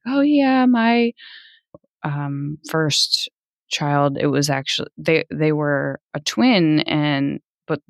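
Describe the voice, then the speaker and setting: Recorded with studio quality and no room sound, a thirtysomething podcast guest animatedly relates a personal story, her voice showing vocal fry. She laughs a lot and jumps high in pitch whenever she quotes others.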